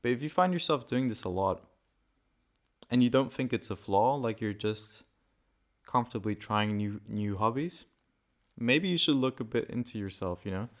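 A man's voice: medium pitch, animated, normal speed, fairly bright tone. A man hosting a casual solo podcast, a native Portuguese speaker who is a bit sick with a dry throat, rambling and correcting himself as he goes. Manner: rambling, self-correcting, loose and conversational. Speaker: podcast host.

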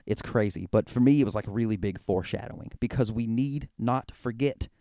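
A man hosting a casual wrestling recap show, rambling and excitable, full of "like" and "you know.". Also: on the low side, clean tone, no room sound, studio quality. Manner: rambling, excitable, heavy use of "like". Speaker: podcast host.

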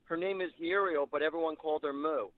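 A man on a tinny, phone-like line tells stories from his work as a psychic medium with animated storytelling. His voice sits a little high, and it sounds dry and close, with no room around it. He acts out the people he quotes as he goes. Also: fast talker, no room sound. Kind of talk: storytelling interview.

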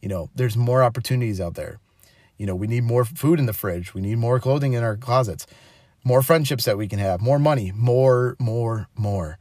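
A man's voice: medium pitch, moderate pace, darkish tone, no echo, clean studio sound. A man in his twenties hosting a podcast, telling a story and giving a devotional talk in a chatty way, laughing often. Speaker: podcast host.

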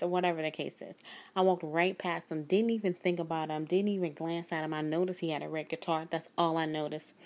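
A woman's voice: fairly low pitch, a little mellow. Earnest woman. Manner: earnest, emphatic, speaks of God. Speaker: spiritual life coach. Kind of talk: personal storytelling to viewers.

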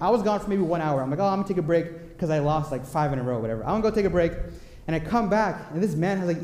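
A young man preaching a sermon, telling stories in an animated, joking way. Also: high-pitched. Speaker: pastor. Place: church. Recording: echoey church hall.

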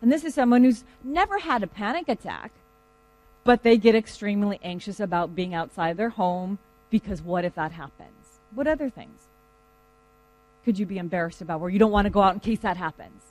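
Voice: mid-range voice, a little fast, no room sound, low-quality recording. Conversational lecturer, loose and chatty, talking to a class. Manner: conversational, lively storytelling.

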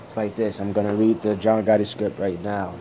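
A man's voice: lowish voice, level tone, a little fast, mellow, slight background noise. A man talking casually to the camera, meandering and thinking aloud, with some swearing. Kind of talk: casual rambling vlog.

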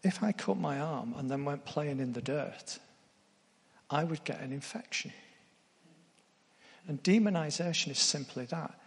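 A man's voice: a little high, measured pace, vocal fry, pauses often. Earnest male preacher in a reverberant hall. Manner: earnest, asks the congregation direct questions. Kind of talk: sermon.

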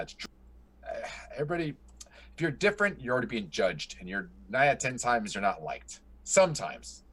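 A middle-aged man chatting casually, telling a story with lots of swearing and acting out his own excited reactions. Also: medium pitch, fast, slightly rough. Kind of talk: casual chat.

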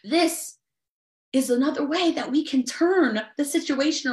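A woman's voice: high-pitched, measured pace, a little mellow, echoey room. A woman preaching a sermon to a livestream audience, earnest and repeating phrases for emphasis. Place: livestreamed service.

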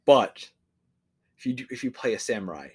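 A young man talking loosely on a podcast, his voice sitting at an everyday middle pitch. He rambles, restarts his sentences and swears offhandedly, like he's hanging out with a friend. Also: animated, normal speed, darkish tone, husky. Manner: rambling, swears casually, frequent fillers and restarts. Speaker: podcast co-host. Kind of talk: casual chat.

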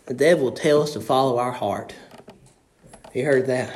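A young man preaching a sermon in a church, fervent, shouting his refrains and swinging his voice from high to low. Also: normal speed, pauses often, echoey room. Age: young adult.

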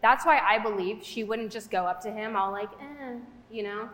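A woman's voice: medium pitch, steady tone, brisk, fairly bright tone. A young woman giving a casual, conversational sermon, chatty and full of fillers, in a church hall. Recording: echoey hall with long reverb.

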